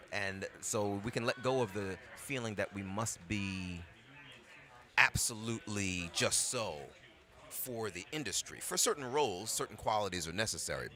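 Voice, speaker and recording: A man from Brooklyn, a voice actor, talking reflectively and expressively as a guest in a casual interview. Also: on the low side. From Brooklyn, New York. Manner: reflective, expressive, animated storyteller. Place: convention floor.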